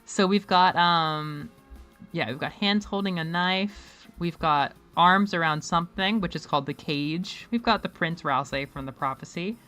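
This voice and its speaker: A woman's voice: lowish voice, measured pace, fairly bright tone, soft background music. A woman hosting a casual game stream, chatting animatedly and laughing often. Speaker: streamer host. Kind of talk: casual let's-play chat.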